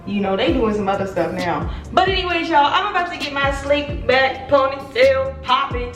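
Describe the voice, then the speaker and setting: A woman's voice: high-pitched, lively intonation, normal speed, fairly bright tone, roomy sound, faint music behind, rough recording. A young woman chatting casually through a hair tutorial vlog, playful and rambling with lots of asides. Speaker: beauty vlogger. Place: echoey room at home.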